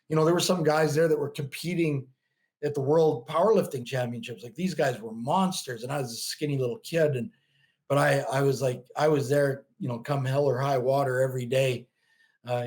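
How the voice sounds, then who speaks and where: A middle-aged bodybuilder and coach appears as a podcast guest, telling stories in a rambling way full of restarts and "you know." His voice is medium-pitched with a darkish tone.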